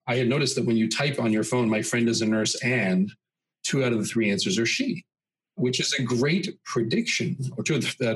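A man's voice: lowish voice, husky, low-quality recording. A man talking as a podcast guest, telling long stories full of examples. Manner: expansive storyteller, dense with examples. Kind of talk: conversational podcast interview.

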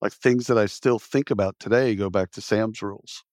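A man's voice: fairly low pitch, moderate pace, dry recording, studio quality. A man in his fifties, a podcast guest telling stories bluntly and acting out what others said. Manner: animated storyteller who acts out quoted speech, blunt and salty. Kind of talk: casual storytelling interview.

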